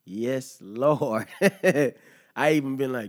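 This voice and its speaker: Riffing on an article for his podcast, this man keeps it conversational, relaxed and full of swearing, with frequent chuckles and "you feel me?" checks with listeners. He has a mid-range, slightly mellow voice at a normal speed.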